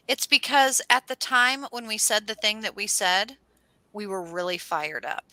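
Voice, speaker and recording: A woman hosting a casual astrology chat, telling stories in a lively way and acting out what people said. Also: medium pitch, normal speed, no echo. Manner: animated storyteller, acts out quotes. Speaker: host.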